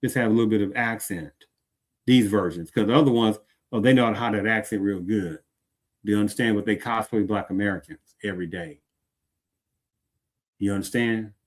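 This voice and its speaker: A male show host with a lowish voice speaks a little fast and pauses often. His commentary is heated and emphatic, and he keeps asking the listener, "Do you understand?"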